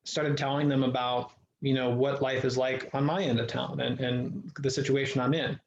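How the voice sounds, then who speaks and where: A man speaks as an interview guest, earnest and reflective, circling back and restarting as he tells his story. His voice sits at an ordinary middle pitch. The recording is echoey and a little dull and lo-fi, with a faint hiss underneath. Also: flat delivery, moderate pace, creaky. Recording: echoey room, dull lo-fi sound.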